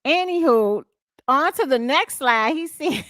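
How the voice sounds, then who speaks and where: Southern gossip host lady, highish voice, chatty, laughs as she reads stuff out. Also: animated, slow, fairly bright tone, dry recording, clean studio sound. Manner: chatty, reads posts aloud with laughs and asides. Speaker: podcast host. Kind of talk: casual gossip chat.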